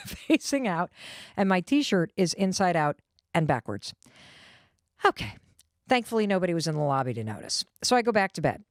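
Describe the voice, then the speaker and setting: Lively woman telling a personal story. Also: on the low side, no echo, studio quality. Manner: lively, animated and confiding. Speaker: host.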